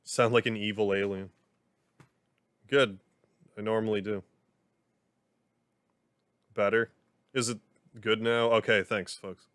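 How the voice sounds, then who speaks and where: Lowish-voiced man chatting on a game stream. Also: flat delivery, slow pace, pauses often, a bit bright, no echo. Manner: rambling, chatty, heavy use of "like". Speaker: gaming livestreamer. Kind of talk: casual live commentary while playing a game. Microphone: desk microphone.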